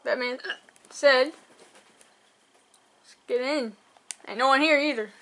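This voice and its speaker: A woman's voice: high-pitched, takes it slowly, a bit bright. A young woman hosting a reaction video, rambling with lots of fillers, hiccuping and up late at night. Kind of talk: casual reaction commentary.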